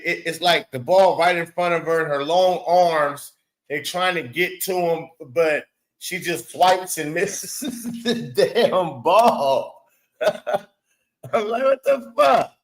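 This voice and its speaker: Heard on a rough recording, a sports show host with a slightly high voice speaks at a slow pace. He offers casual basketball takes as blunt, profane, fed-up rants, repeating words for emphasis on the show he hosts himself.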